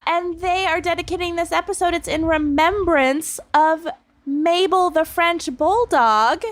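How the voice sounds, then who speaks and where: A woman co-hosting a chatty podcast, giggly and animated as she banters with her friends. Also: extremely high pitch, measured pace. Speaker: podcast co-host. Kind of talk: casual chat.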